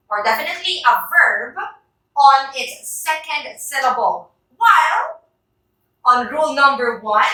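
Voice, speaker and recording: A woman teacher with a Filipino accent leads a lesson at an unhurried, deliberate pace. Her voice is high and bright, and she praises students as she drills them. She sounds distant, in a very echoey classroom. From Philippines. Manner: encouraging, drills words aloud with the class. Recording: roomy echo, voice from far off.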